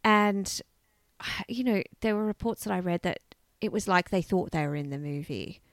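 A woman co-hosting a casual true-crime chat, telling the story in a chatty, animated way. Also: fairly low pitch, moderate pace, no echo, studio quality. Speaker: podcast co-host.

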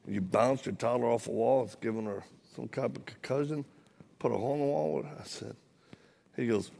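Gravelly guy preaching at church, funny storytelling, acts out all the voices. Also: medium pitch, moderate pace. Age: adult, former Marine. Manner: humorous, animated storytelling with acted-out dialogue. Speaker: guest preacher. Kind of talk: storytelling sermon. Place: church, live audience.

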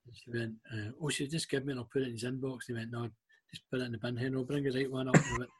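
A man's voice: mid-range voice, very fast, breathy edge. A middle-aged Scottish man telling a story in casual chat, acting out what people said. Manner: animated anecdotes, acting out quoted voices. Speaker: guest.

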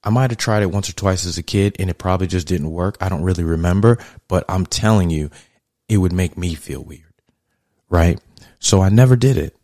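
A man's voice: deep voice, brisk, dry recording, clean studio sound. A man hosting a podcast, talking in a blunt, profane, conversational monologue that grows more heated. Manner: blunt, profane, conversational, heats up and gets louder. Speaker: podcast host. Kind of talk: casual monologue commentary.

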